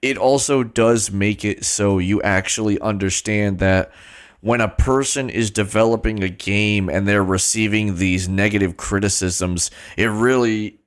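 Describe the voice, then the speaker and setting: A man streaming a game live, joking at himself and swearing, with sudden excited yelps. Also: fairly low pitch. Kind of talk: live gameplay commentary.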